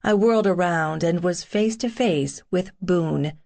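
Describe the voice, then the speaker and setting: A woman reads a first-person romance novel aloud, her voice on the lower side. She takes her time over every line, sassy and wry in tone. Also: measured pace, gravelly, mellow. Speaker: audiobook narrator.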